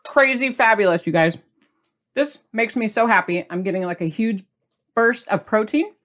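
A woman's voice: medium pitch, normal speed, a bit bright. A middle-aged woman hosting a casual cooking video, bubbly and chatty, sometimes talking while she eats. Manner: bubbly, chatty, talks with mouth full while tasting. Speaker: cooking channel host.

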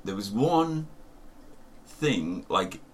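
With a lowish, sing-song voice and drawn-out words, a young Northern English man chats casually as a relaxed podcast co-host, laughing frequently over faint background noise.

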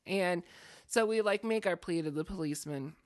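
A woman's voice: fairly low pitch, moderate pace, no echo, clean studio sound. A woman co-hosting a podcast, chatting casually and retelling a story with lots of fillers. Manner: chatty, animated, many fillers. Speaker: podcast co-host.

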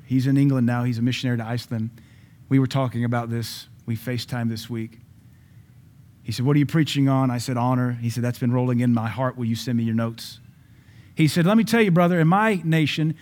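A man preaching a sermon, dropping to quiet asides and then building to loud peaks, reading scripture slowly with emphasis. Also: mid-range voice. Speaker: pastor.

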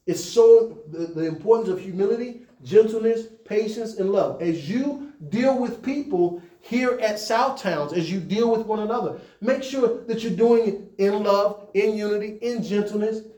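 High-voiced preaching man, echoey hall. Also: normal speed, hardly any pauses, mellow. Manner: conversational preaching with rising emphatic peaks. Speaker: pastor. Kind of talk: sermon to church leaders. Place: church.

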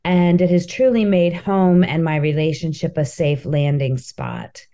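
A woman comedian speaks as a podcast guest, candid and heartfelt in her stories. Her voice is low and mellow, and she talks at a slow, easy pace. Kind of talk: casual interview chat.

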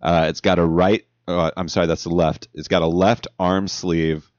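Male co-host, easygoing and rambling, low voice, lo-fi sound. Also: level tone, moderate pace, darkish tone, dry recording. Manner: laid-back, laughs often, describes things in a loose rambling way. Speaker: podcast co-host. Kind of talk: casual chat.

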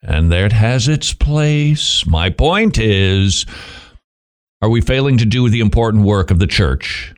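A man's voice: fairly low pitch, animated, unhurried, clean tone. A middle-aged man hosting Christian radio, giving a devotional talk with joking asides to himself.

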